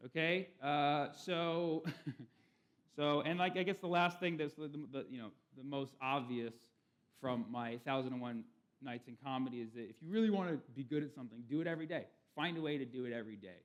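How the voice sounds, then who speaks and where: A man's voice: fairly high pitch, moderate pace, long pauses, fairly bright tone, a faint crowd. Punchy, playful male stand-up comic. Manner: punchy, playful punning delivery. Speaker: comedian giving a conference talk. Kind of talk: stand-up comedy talk. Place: conference stage.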